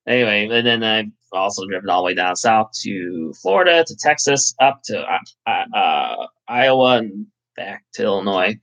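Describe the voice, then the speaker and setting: A man's voice: lowish voice, very animated, normal speed, vocal fry, a bit bright. Rambling, swearing man on dull audio. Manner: rambling, profane, full of fillers. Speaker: channel host. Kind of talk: casual live chat.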